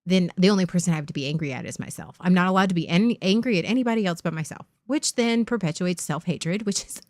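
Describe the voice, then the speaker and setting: A woman in her forties speaks in a casual, candid ramble, often swearing and circling back on herself. Her voice sits fairly low. The sound is dry and close. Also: fast talker, a little mellow, no room sound. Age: 40s. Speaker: streamer host.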